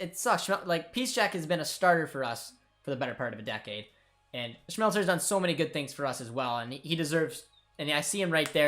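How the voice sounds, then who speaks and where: A young man hosting a live football watchalong, reacting with excitement and emotion and talking to his viewers. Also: fairly high pitch. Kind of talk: live match watchalong commentary.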